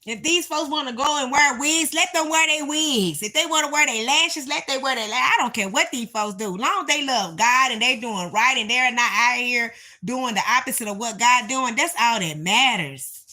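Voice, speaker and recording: Animated woman host talking to camera at home, slightly high and bright voice, emphatic and chatty. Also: moderate pace. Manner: animated, emphatic, speaks in Southern-style vernacular. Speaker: reaction video host. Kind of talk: casual chat to viewers. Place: home, indoors. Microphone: phone or camera nearby.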